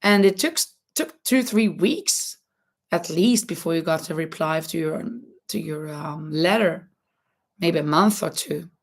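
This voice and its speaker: A woman's voice: sits low, expressive, a little slow. A woman hosting a casual crochet chat, talking loosely with many fillers and restarts, her voice cracking now and then. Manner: chatty, thinks aloud with many fillers and restarts. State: voice cracking, coughing. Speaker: livestream host.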